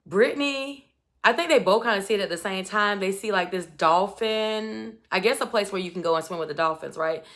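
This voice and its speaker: Bright-voiced chatty woman recapping TV. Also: mid-range voice, a little fast. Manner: chatty, expressive storytelling with asides. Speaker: reality show recap commentator. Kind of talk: casual commentary.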